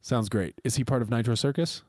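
A man's voice: mid-range voice, fairly quick, darkish tone, dry recording, studio quality. A man co-hosting a podcast in casual banter, riffing loosely and swearing freely. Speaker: podcast co-host.

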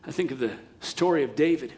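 A man preaching a sermon in an emphatic manner, swinging from loud preaching to quiet asides. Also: medium pitch, expressive, quick pace.

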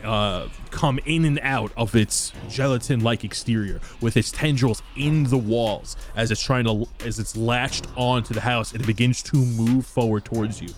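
A man running a tabletop role-playing game as game master, describing the scene in a casual, descriptive way and slowing down for effect. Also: medium pitch, slight background noise.

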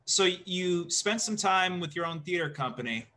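A man hosting a podcast, asking questions with dry, deadpan jokes. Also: sits high, moderate pace. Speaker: podcast host. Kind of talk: casual interview chat.

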